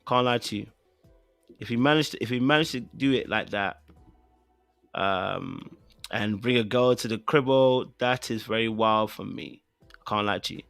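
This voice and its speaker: A British-accented man hosts a podcast as casual live-stream chat, rambling with lots of fillers and repeated phrases in a playfully insistent way. His voice is on the low side, creaky and a bit bright, at normal speed. There's no echo, just soft background music.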